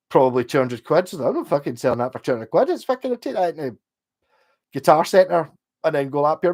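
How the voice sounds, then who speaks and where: Male streamer, mid pitch, loose sweary rambling chat. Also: lively intonation, quick pace, darkish tone. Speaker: livestream host. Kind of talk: casual livestream chat.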